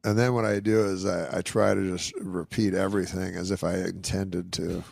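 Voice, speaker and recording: A man with a low, gravelly voice explains himself in a dry, offhand way during a casual interview. The recording is close and dry, with no room sound. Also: level tone, normal speed, dry recording. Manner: dry, offhand, laughs softly. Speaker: comedian guest.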